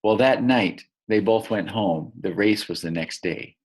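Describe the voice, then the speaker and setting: A male teacher reading a story aloud to young children and explaining new words gently. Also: lowish voice, measured pace. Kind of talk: storybook read-aloud lesson.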